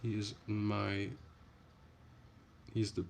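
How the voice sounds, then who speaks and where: A young man with a low, gravelly voice talks loosely on a late-night stream, drifting between chat messages in an easy, unhurried way. A faint hiss sits under his voice. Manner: relaxed, rambling, soft-spoken.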